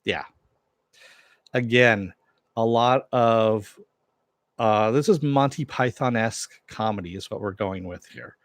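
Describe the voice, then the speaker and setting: A man gives a casual, rambling recap of a TV episode, packed with fillers and asides. His voice is fairly low and he speaks slowly with frequent pauses, recorded dry with clean studio sound.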